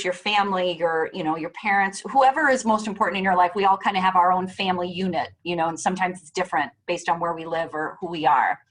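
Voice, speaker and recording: Chatty middle-aged woman presenting. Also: medium pitch. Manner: chatty, warm-hearted, lots of fillers and voiced quotes. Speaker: parenting speaker presenting a talk. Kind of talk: casual presentation.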